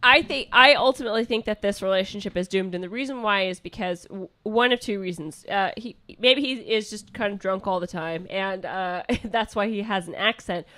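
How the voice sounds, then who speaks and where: A woman's voice: mid-range voice, moderate pace, few pauses, sharp tone. A woman co-hosting a comedy podcast, giving rambling, chatty opinions and reading questions. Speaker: podcast co-host. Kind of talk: casual comedy podcast talk.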